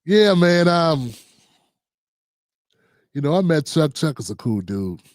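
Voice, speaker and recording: A man's voice: a little high, very animated, takes it slowly, no echo, studio quality. A man hosting a livestream who comments on a news clip in a casual, conversational way, with asides like "man.". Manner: laid-back and conversational, drops in "man" and asides.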